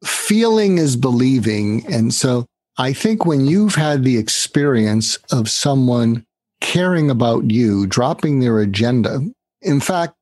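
Interviewed on a podcast, this author and negotiation trainer tells lively stories, performing the lines of dialogue as he goes. His voice is medium in pitch, and there's no room sound.

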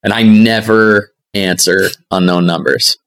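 A man hosting a podcast, telling a story in a casual, animated way. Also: lowish voice, a little slow, clear, resonant tone. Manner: animated anecdotes with laughs and acted quotes. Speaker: podcast host.

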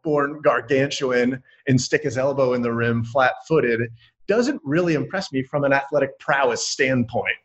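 A man co-hosting a podcast, talking casually in a rambling, animated way and laughing often. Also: mid-range voice, normal speed, muffled recording. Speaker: podcast co-host.

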